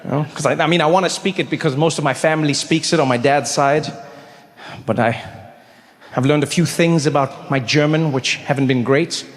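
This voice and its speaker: Animated man doing stand-up in a hall. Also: fairly high pitch, a little fast. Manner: animated, acts out voices. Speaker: stand-up comedian. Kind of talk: stand-up storytelling.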